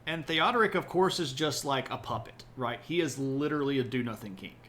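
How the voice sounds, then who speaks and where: A man's voice: mid-range voice, animated, brisk, a bit bright. A man hosting a casual livestreamed history talk, explaining events in a joking, chatty way and often checking in with "right?". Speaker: history podcast host.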